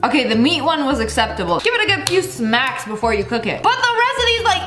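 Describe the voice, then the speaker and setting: A woman's voice: high voice, big pitch swings, quick pace, hardly any pauses, roomy sound, noisy background. A woman hosting a reaction video, sassy and exasperated in casual commentary.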